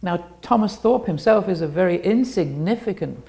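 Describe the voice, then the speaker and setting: Woman presenter, very gravelly, lively rising and falling delivery, rambling and restarting sentences, illustrated talk. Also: fairly low pitch, moderate pace.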